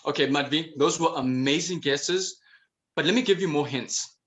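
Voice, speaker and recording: A man's voice: a little high, normal speed, a bit bright. Upbeat man hosting an event. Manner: exclamatory, playful quizzing. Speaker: event host. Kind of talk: enthusiastic emcee patter.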